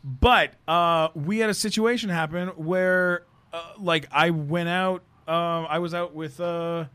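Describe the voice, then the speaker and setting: A comedian telling a story on a podcast, animated and full of fillers and restarts. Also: male voice, fairly high pitch, unhurried, clean tone. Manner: animated, stop-start storytelling with many fillers. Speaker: guest comedian.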